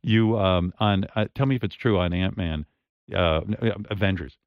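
A man's voice: sits low, normal speed, no echo, narrow, tinny audio. A man hosting a talk show, chatting casually and telling jokey stories to his guest. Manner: joking, animated storyteller. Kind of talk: casual chat.

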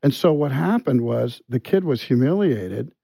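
A middle-aged man, a podcast guest, tells a personal story with many restarts and pauses. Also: mid-range voice, expressive, creaky, no room sound. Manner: halting, full of restarts and quiet asides. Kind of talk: conversational storytelling.

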